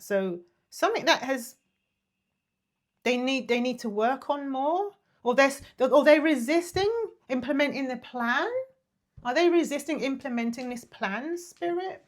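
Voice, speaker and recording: A woman giving a casual tarot reading, chatty and apologetic, drifting into soft murmurs and breathy sighs. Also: high voice, lively intonation, unhurried. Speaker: tarot reader.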